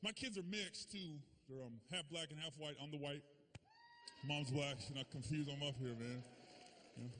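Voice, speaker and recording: High-voiced, loose stand-up comic man. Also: normal speed, a bit bright. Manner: loose, conversational, peppered with "man" and "you know". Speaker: stand-up comedian. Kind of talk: stand-up comedy routine. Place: comedy club stage.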